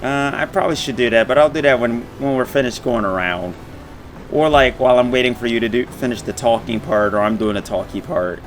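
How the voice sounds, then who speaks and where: A man in casual gaming chat with a friend, excitable and swearing often. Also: medium pitch, brisk. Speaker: gamer streaming with a friend. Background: game music.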